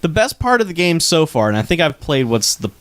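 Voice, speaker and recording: Animated man telling a casual story. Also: a little high, fairly quick, dry recording. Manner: animated, swearing, laughing storyteller. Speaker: podcast co-host. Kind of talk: casual chat.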